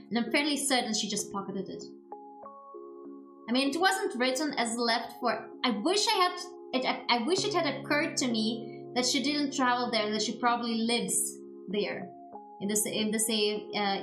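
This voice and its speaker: A woman streamer in casual chat, ranting and swearing in exasperation. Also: fairly high pitch. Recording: roomy echo with background music. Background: background music.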